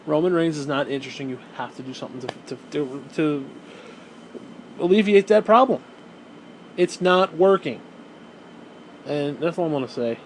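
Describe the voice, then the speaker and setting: A man's voice: a little high, moderate pace, long pauses, a little hiss or hum, low-quality recording. A man telling a rambling story in a casual rant to his viewers, repeating himself, swearing and laughing now and then. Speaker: gaming and wrestling video host.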